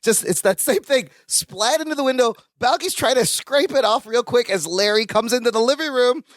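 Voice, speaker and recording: A woman's voice: fairly high pitch, normal speed, no echo. A woman co-hosting a podcast, chatting casually about a sitcom episode, laughing often and acting out the characters' lines. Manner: animated, laughs often, acts out quoted lines. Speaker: podcast co-host. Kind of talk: casual chat recapping a sitcom.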